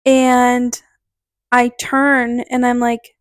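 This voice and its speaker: A young woman from Connecticut chats through a story on her podcast. Her voice sits slightly high, and her loose, filler-heavy delivery is broken by little laughs. The recording is dry and close, with no room sound. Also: little pitch movement, normal speed, a little mellow, no echo. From Connecticut, USA. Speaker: podcast host. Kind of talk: casual storytelling.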